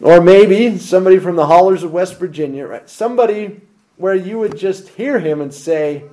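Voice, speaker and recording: With a high-pitched voice at a moderate pace, a male pastor preaches, asking rhetorical questions and swinging between booming emphasis and quiet asides.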